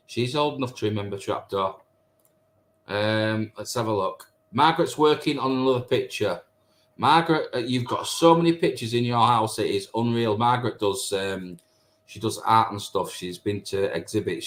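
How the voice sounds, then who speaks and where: A man in his thirties hosting a live stream, chatting and teasing viewers as he reads their comments. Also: lowish voice. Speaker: live stream host reading chat. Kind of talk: casual chat with viewers.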